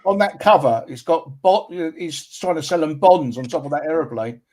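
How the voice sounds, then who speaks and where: A curious man joins a casual podcast chat and fires off quick questions. His voice is fairly high and husky. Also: animated, darkish tone. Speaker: podcast guest.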